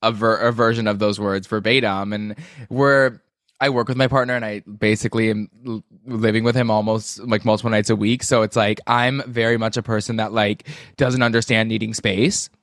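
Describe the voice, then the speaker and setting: A man's voice: fairly low pitch, level tone, moderate pace, fairly bright tone, dry recording, studio quality. A man co-hosting a podcast, chatting casually and animatedly, gossiping and swearing freely. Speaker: podcast co-host. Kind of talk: casual chat.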